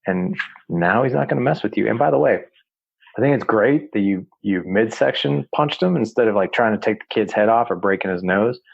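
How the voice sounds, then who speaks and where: Gravelly middle-aged man telling a story. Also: on the low side, expressive, fairly quick, dry recording, lo-fi sound. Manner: loose, chatty storytelling with many fillers. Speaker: podcast host. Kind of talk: casual storytelling.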